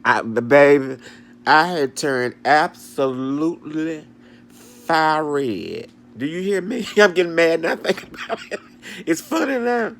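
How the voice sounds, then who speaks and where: A man's voice: a little high, animated, unhurried, gravelly, fairly bright tone. A man telling a story at home, laughing a lot and retelling it dramatically. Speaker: vlogger. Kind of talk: animated storytime rant. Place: bedroom at home.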